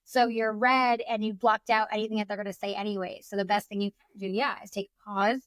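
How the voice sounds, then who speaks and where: A woman's voice: mid-range voice, flat delivery, fairly quick, no room sound. A woman in her thirties, a breathwork coach as a podcast guest, talking in a casual, chatty way full of "you know" and "like". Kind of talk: casual conversational interview.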